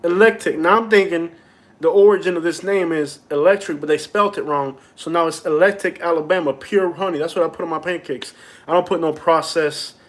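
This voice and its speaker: A man with a notably high voice talks loosely to his viewers on a phone live stream at home. He rambles, jokes and complains in a playful, mock-aggrieved way. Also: steady tone, a little fast. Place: at home indoors.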